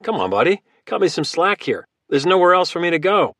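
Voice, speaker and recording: A man voicing a calm, calculating former Marine who talks in a friendly, easygoing way. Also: sits high, fairly quick, dry recording, voice pushed up, full character voice. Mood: casual. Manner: casual and friendly, turning hard.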